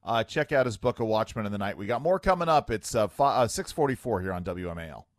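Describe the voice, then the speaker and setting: A man hosting talk radio, his pitch swinging widely as he riffs on clips with a wry edge. The studio sound is dry and close. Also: fast, no echo. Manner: wry, animated, filler-heavy. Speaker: radio talk show host. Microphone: studio microphone.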